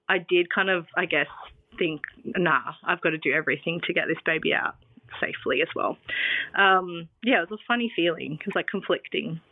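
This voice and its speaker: An Australian woman with a lowish voice tells her birth story as a guest on a casual podcast interview. She's chatty and full of fillers like "um" and "like." The recording is dry and phone-like, with no echo.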